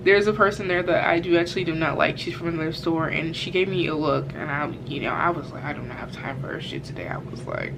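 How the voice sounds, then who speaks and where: A woman's voice: deep voice, creaky. A young woman telling a casual storytime vlog, rambling with lots of fillers and frank cursing. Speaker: vlogger. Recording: background noise.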